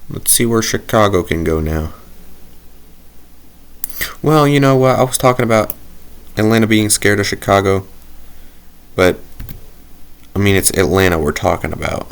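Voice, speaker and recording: A man with a very low, deep voice talks through a football video game as he plays. He rambles, thinks aloud and jokes at his own expense in a loose, casual way. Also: normal speed, vocal fry, pauses often, clear, resonant tone. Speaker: gaming commentator. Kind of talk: casual gameplay commentary.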